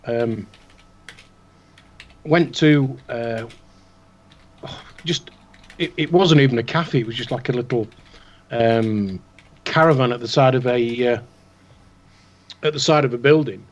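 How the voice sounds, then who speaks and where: On a casual chat show, a co-host rambles along in a chatty way with lots of fillers. His medium-pitched voice keeps a measured pace broken by long pauses, heard through dull, lo-fi online call audio.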